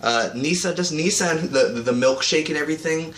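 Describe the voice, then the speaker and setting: A man giving a casual, rambling vlog review of a TV episode. He often breaks into quick mocking voices for the characters. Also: on the high side, fairly bright tone. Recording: echoey room with faint ambient noise.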